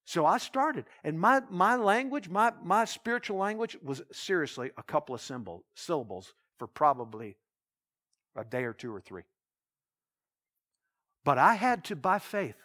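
This is a pastor whose voice sits fairly high. He speaks in a loose, storytelling way from the pulpit, and he often restarts his sentences and acts out the back-and-forth of a conversation. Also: moderate pace. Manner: animated retelling with quoted dialogue, restarts. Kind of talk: sermon storytelling.

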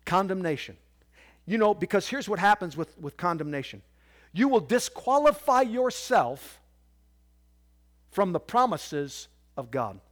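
A man preaching a sermon to his church, swinging from quiet, low asides to loud, squawking outbursts. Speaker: pastor.

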